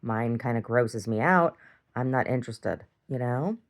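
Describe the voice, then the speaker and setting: A woman's voice: a bass voice, a little slow. A woman talking bluntly and profanely in a rambling diary monologue, with many restarts and small chuckles. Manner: blunt and profane, full of restarts and "I don't know"; chuckles often. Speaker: video diarist.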